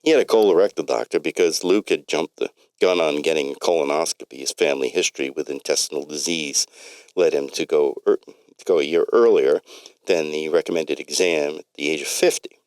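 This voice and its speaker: A man's voice: a bass voice, brisk, a little mellow, no room sound. A man reading a story aloud in a plain way, with slips and restarts.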